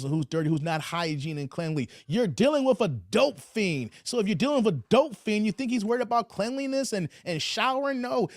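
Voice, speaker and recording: With a very high, darkish voice and studio-quality audio free of room sound, a man hosts livestream commentary. He turns preachy and repetitive, regularly drawling "man" after his lines.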